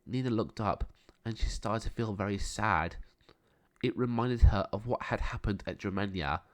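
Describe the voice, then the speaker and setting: A man narrating a children's storybook in a calm, steady reading voice. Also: lowish voice, normal speed.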